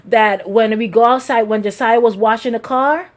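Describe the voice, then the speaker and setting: A woman with a bright, high-pitched voice preaches at a live service. She weaves personal stories into her message in a lively, animated way. She keeps restarting her phrases and calls out to people in the pews. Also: normal speed. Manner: animated, repetitive restarts, addresses congregation directly. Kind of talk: live sermon with personal storytelling.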